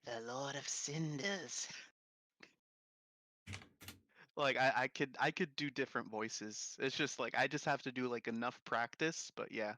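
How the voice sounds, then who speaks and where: A man's voice: mid-range voice, moderate pace, hardly any pauses, bright, forceful tone, no echo. A young man hosting a casual stream chat, rambling and jokey, with frequent laughter and crude humor. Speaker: streamer host.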